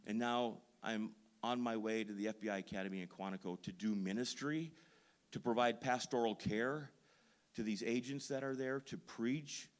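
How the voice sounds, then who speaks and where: Low-voiced man preaching a story sermon. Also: fairly even intonation, normal speed. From Duluth, Minnesota. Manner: storytelling, self-deprecating, builds to loud emphasis. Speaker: pastor. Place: church sanctuary.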